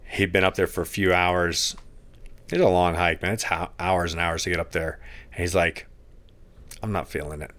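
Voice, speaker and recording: A man co-hosting a podcast, recovering from an injury, speaking in a slow, reflective and earnest way. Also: deep voice, level tone, fairly bright tone. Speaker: podcast co-host. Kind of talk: casual podcast chat.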